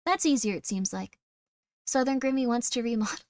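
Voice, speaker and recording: A young woman hosts a stream and rambles through casual reaction commentary, full of fillers. Her voice sits a bit high. The sound is dry and close. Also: lively intonation, a little fast, dry recording. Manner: rambling, chatty, filler 'like'. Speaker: streamer host.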